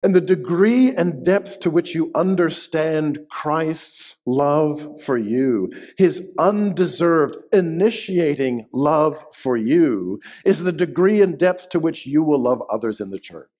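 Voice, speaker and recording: A man preaching a sermon in a church, emphatic, slowing down and dropping his voice to stress key words. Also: a little high, animated, a little mellow. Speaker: pastor. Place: church sanctuary.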